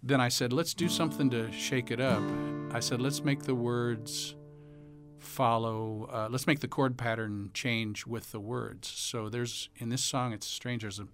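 A relaxed male musician talks through his songwriting in an easy, storytelling way, with a mid-pitched voice. Guitar music plays clearly behind him. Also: a little slow. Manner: relaxed storyteller, breaks into song to illustrate. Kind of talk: casual interview talk with sung snippets.

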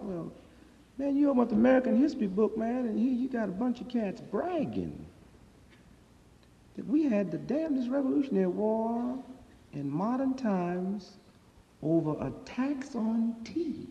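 A man performing a stand-up comedy monologue, talking in animated, profane street slang on a live stage. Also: high voice, moderate pace, vocal fry. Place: live stage before an audience. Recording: dull lo-fi live recording in a reverberant hall.

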